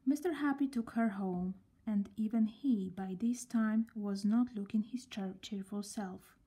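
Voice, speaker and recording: Storyteller: gentle woman, slow read-aloud, mellow and breathy, hushed. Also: mid-range voice. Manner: gentle, often near a whisper.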